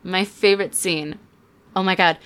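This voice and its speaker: A woman's voice: lowish voice, steady tone, fairly bright tone, clean tone. Chatty, sarcastic young woman host. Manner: chatty, sarcastic, fast asides. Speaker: podcast host. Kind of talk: casual chat, movie review.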